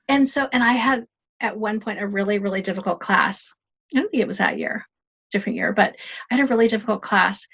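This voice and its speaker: A woman guest on a podcast interview, telling stories in a lively, self-deprecating, humorous way. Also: medium pitch, brisk, gravelly, husky, lo-fi sound. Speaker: guest, life coach.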